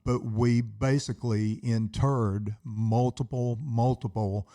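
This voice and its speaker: A man's voice: medium pitch, fairly even intonation, slow pace, warm tone. A man in his sixties, an Army veteran telling his stories in an interview with earnest, heartfelt sincerity.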